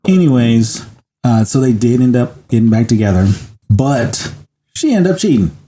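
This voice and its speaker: A podcast host with a very dark, mellow voice and a lively, rising-and-falling delivery. He reads a story dramatically and trades jokes in casual chat. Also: medium pitch, normal speed. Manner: joking, dramatic when reading.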